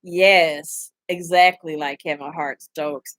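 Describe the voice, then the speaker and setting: Animated, profane young woman chatting live. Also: a little high, a little slow, no echo. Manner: animated, profane, laughs often, reads chat aloud. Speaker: livestream host. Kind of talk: casual chat.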